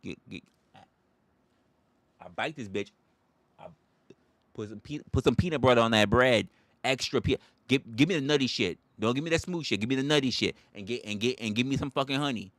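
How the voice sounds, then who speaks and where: A man's voice: mid-range voice, fairly quick, pauses often, a bit bright, no room sound, lightly acted. A man voicing a greedy male bear who bossily demands food with profanity. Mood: demanding. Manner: gruff, bossy, profane demands.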